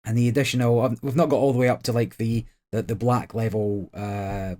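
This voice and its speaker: A man's voice: mid-range voice, flat delivery, brisk, darkish tone. A man co-hosting a board game podcast, chatting casually and hesitantly with frequent ums and repeated words. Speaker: podcast co-host. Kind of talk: casual chat.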